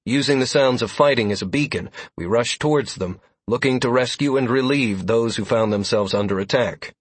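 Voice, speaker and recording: A man narrating a fantasy adventure in first person, in a steady storytelling manner. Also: lowish voice, breathy edge, no echo. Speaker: audiobook narrator.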